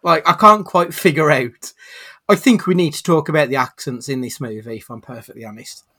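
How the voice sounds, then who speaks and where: Male podcast host, fairly high voice, incredulous and sweary. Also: fairly quick, sharp tone, slightly rough. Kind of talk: casual film review chat.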